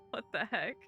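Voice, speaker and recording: Casting: lively, giggly woman streamer, bright voice with a gravelly edge, faint game music behind. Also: high-pitched. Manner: giggly, animated, reads game text aloud. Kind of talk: casual gaming commentary.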